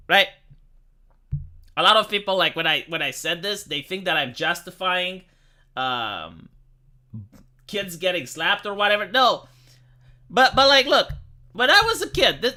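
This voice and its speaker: A man's voice: high-pitched, bright, forceful tone. A man with a Romanian accent hosting a livestream, talking in a rambling, profane way with sarcastic asides and many restarts. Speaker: livestream host. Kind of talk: casual livestream commentary.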